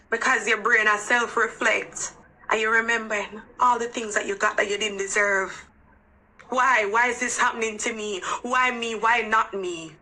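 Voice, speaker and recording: A woman's voice: on the high side, steady tone, normal speed, sharp tone, low-quality recording. A woman with a Jamaican accent giving earnest, emphatic relationship advice straight to camera, pressing the listener with questions. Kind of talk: direct-to-camera advice monologue.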